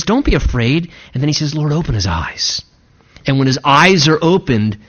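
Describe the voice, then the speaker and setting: A man's voice: fairly high pitch, a bit bright, muffled recording. A man preaching a sermon, working through a passage verse by verse and adding joking asides. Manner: expository preaching with humorous asides. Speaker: pastor.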